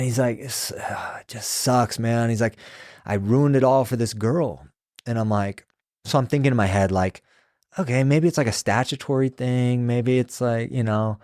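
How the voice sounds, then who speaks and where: A man in his thirties recalls his years as a prison sergeant in loose, profane chat. He slips in and out of the voices of the people he talked to. The sound is dry and close with no room echo. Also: medium pitch. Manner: loose and profane, acts out quoted dialogue. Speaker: former prison sergeant, podcast guest. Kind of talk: casual storytelling conversation.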